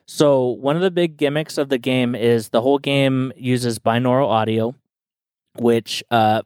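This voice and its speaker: A man's voice: medium pitch, a little slow, a little mellow, smooth, no echo. An enthusiastic young man in casual podcast chat, rambling eagerly through his explanations with plenty of "like" and "dude". His voice sits in the middle range and is recorded dry and close. He talks freely to friends around the table. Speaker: podcast co-host.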